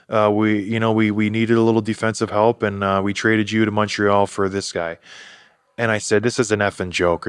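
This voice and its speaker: A man's voice: fairly low pitch, fairly bright tone, clean tone, no echo, clean studio sound. A man in his thirties, an interview guest, candidly retelling heated conversations and quoting others as he goes. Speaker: interview guest, former hockey player. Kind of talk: casual storytelling interview.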